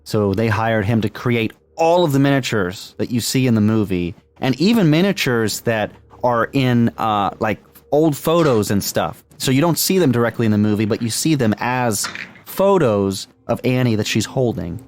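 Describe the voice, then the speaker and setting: A man's voice: medium pitch, lively intonation, moderate pace, darkish tone, a little hiss or hum. A man co-hosting a movie podcast, chatting casually with many fillers and restarts and laughing often. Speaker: podcast co-host.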